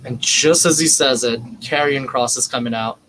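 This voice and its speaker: A man co-hosting a live wrestling watch-along, reacting emotionally and excitedly as events unfold on screen. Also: medium pitch, moderate pace, a little hiss or hum. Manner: excitable, reacts loudly and swears; anxious, emotional live commentary.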